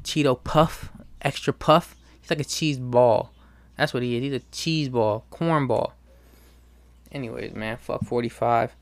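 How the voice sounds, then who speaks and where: A man's voice: medium pitch, measured pace, no echo. A young man hosting his own show, talking casually in a slangy, profane, ranting way. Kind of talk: casual monologue.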